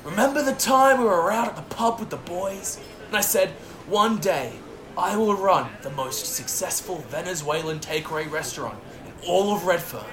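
A man's voice: high voice, lively intonation, moderate pace. Boisterous, teasing Irish restaurant owner, played by a man in a comedy sketch. His voice swings widely up and down as he mocks and laughs, and it sounds roomy and echoey. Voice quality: loud, laughing, mocking. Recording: roomy echo.

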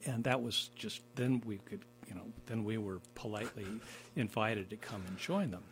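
A man hosting a casual conversation, playful and laughing a lot, talking in halting phrases. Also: fairly low pitch, slight background noise. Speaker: host.

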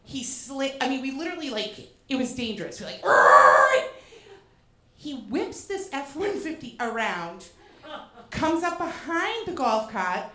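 A woman from Boston telling a comic personal story, animated and profane with self-mocking asides, in a live show venue. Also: high-pitched, moderate pace. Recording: roomy echo.

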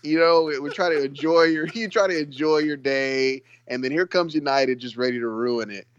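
An excitable man rambles through a casual football chat, laughing now and then. His voice sounds dry and close, with no room around it. The recording is dull and a bit lo-fi. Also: fairly high pitch, normal speed, smooth, no room sound. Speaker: podcast co-host.

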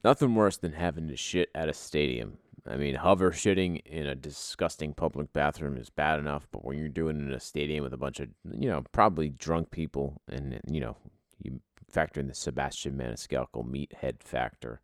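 A man with a very deep, gravelly voice chats loosely, swearing casually and drifting through his thoughts with fillers. He sounds close and dry, with no room around him. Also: normal speed, no echo. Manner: laid-back, profane, rambling with fillers. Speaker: podcast host, league commissioner. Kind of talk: casual podcast sign-off.

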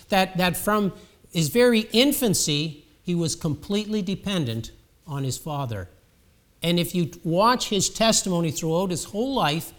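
A male preacher with a high speaking voice delivers a sermon. He talks in a conversational way and often doubles words as he restarts a thought.

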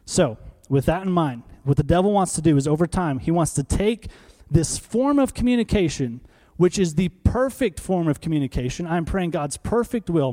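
A man in his thirties preaching a sermon in an animated, conversational way, full of rhetorical questions. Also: a little high. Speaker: pastor.

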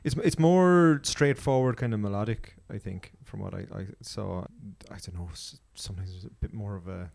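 A man's voice: deep voice, level tone, fairly quick, gravelly, few pauses, darkish tone. An Irish man chatting casually on a podcast, enthusiastically reviewing a festival with many restarts. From Ireland.

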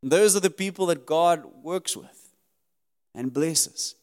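A man preaching with a somewhat high, smooth and resonant voice. He speaks earnestly and emphatically, swinging from raised, urgent lines down to quiet ones. The sound rings with the long reverb of a church hall. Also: takes it slowly. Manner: earnest, emphatic preaching that rises and drops sharply. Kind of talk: sermon.

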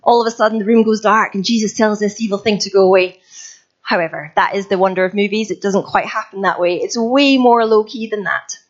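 A woman's voice: mid-range voice, a little fast. Woman, preacher, informal chatty sermon, self-deprecating, slightly muffled recording.

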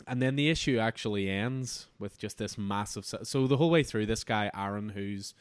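A man's voice: lowish voice, moderate pace, smooth, dry recording. A man hosting a comic book podcast, talking through an issue in an enthusiastic, rambling way with frequent restarts. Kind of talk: casual review chat.

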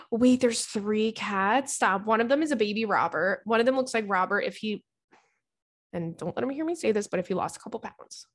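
A woman's voice: mid-range voice, fairly quick. A woman comedian hosts a casual chat show, rambling along in a loose, chatty way. She fills her talk with "like" and swears casually as she goes. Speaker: podcast host and comedian. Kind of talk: casual chat and reading listener letters.

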